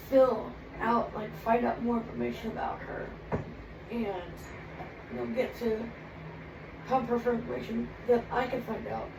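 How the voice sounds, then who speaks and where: A woman speaks from her home kitchen in an emotional, heartfelt personal vlog, tearful and rambling with many fillers. Her voice is a little high and creaky, with background noise in the recording.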